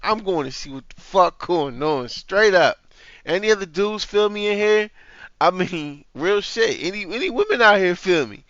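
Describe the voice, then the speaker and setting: A man's voice: sits high, expressive, moderate pace, fairly bright tone, no room sound, lo-fi sound. A man hosting a reaction video, talking in a heated, profane, casual way.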